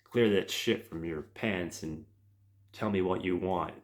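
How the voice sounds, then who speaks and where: A man doing a gruff, rude demon. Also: deep voice, measured pace. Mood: brusque. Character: blunt, irritable male demon, rude and defiant.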